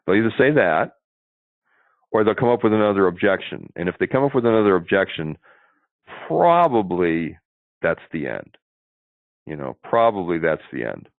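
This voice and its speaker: Low-voiced man on a tinny phone line. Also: big pitch swings, normal speed, long pauses, dry recording. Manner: chatty, explanatory, keeps asking "see?". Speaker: sales trainer, interview guest. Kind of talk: instructive interview talk.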